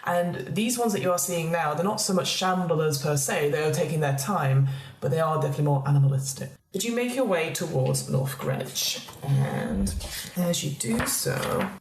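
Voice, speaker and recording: A woman narrating a tabletop role-playing game as game master, in a relaxed way with many hedging fillers. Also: sits low, normal speed. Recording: echoey room.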